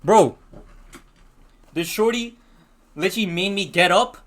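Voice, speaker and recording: A young man from Pakistan telling a story from his school days in a casual storytime, slangy and excitable, full of restarts. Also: high voice, unhurried.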